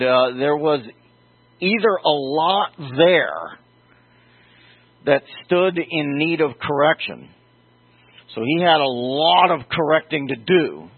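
A man teaching a slow, verse-by-verse sermon and explaining the meanings of Bible words. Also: fairly high pitch, no room sound. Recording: dry, phone-like audio.

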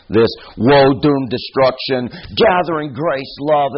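A man preaching a verse-by-verse sermon, his voice husky and a little rough. He talks casually, wanders off on side stories, and leans hard on words as he quotes the text. The recording is dull and lo-fi. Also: medium pitch, unhurried. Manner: conversational, digressive, quotes scripture with emphasis. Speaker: pastor. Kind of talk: expository sermon.

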